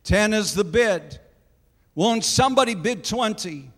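Persistent male auctioneer, quoted by a preacher, high voice, long hall reverb. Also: animated, measured pace, fairly bright tone, full character voice. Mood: insistent.

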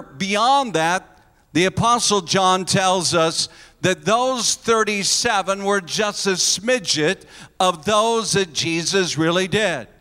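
A man's voice: high voice, a bit bright, in a large hall. A pastor preaching a sermon to his congregation, earnest and emphatic, leaning on repeated phrases.

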